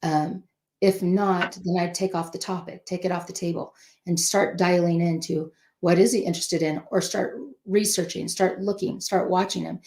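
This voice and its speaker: An older woman giving parenting advice in a casual chat, telling animated stories and acting out the dialogue. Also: lowish voice, moderate pace. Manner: animated storyteller who acts out quoted dialogue. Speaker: parenting guest. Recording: roomy echo.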